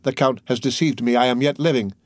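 A man's voice: medium pitch, fairly even intonation, fairly quick, dry recording, studio quality, lightly acted. A man voicing an anguished young man in an audiobook. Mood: despairing. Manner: anguished cry. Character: despairing young man waking.

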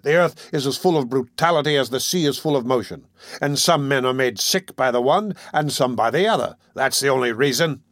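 A man's voice: mid-range voice, fairly quick, fairly bright tone, dry recording, studio quality, natural voice. A man voicing a brutal, cynical male sea captain with a harsh, commanding, mocking manner.

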